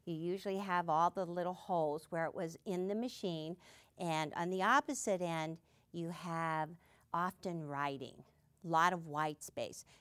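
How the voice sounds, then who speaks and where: A woman's voice: fairly low pitch, unhurried, a bit bright, clean tone, dry recording. A woman hosting a quilting show, demonstrating cutting and sewing steps in a cheerful, playful way.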